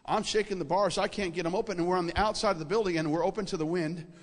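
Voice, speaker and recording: A man preaching a sermon, telling a dream in an animated storytelling way that repeats words for emphasis and checks in with his audience. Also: high voice, fast talker. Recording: reverberant hall.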